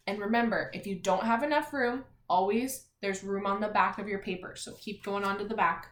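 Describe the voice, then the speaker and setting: A woman teacher leading a reading and spelling lesson for young children, sounding out letters and words in a clear, encouraging way. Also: mid-range voice, normal speed, a bit bright, roomy sound.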